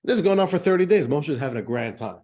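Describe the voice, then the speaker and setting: With a slightly high voice and a fast delivery, the rabbi jokes conversationally and energetically before he explains the lesson to his class.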